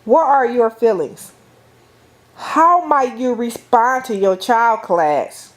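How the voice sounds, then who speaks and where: A middle-aged woman lecturing at a slow, unhurried pace. Her pitch sits at an ordinary middle level, and she speaks deliberately, calling on the class and often circling back to repeat or restart a phrase. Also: a little mellow.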